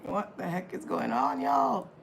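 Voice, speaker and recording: Low-voiced flustered woman live-streaming. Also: very animated, measured pace, vocal fry, a little hiss or hum, rough recording. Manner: chatty, flustered, often addresses viewers as y'all. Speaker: livestream host. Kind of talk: casual live-stream chat. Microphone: phone camera.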